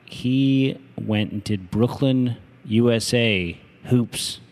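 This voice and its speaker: A man's voice: mid-range voice, takes it slowly, darkish tone. A man hosting a casual podcast chat, teasing his co-host and chatting about his own kids. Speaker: father.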